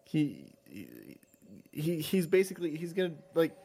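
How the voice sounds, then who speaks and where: A man's voice: a little high, huge pitch swings, unhurried, creaky, warm tone, husky. A man playing a tabletop game in a casual, joking way. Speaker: player. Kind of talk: tabletop role-play.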